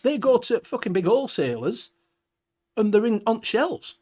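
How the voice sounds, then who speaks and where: A man's voice: extremely high pitch, very animated, normal speed, darkish tone, slightly rough. A Welsh man hosting a casual livestream chat, ranting bluntly with heavy swearing. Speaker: show host.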